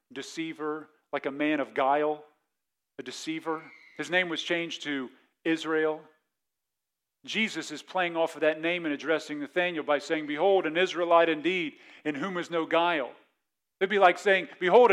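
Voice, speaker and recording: A male pastor gives a sermon in a loose, conversational manner, often repeating a word while he restarts a thought. His voice sits a bit above the usual male pitch. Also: fairly bright tone. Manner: conversational preaching, repeats words when restarting.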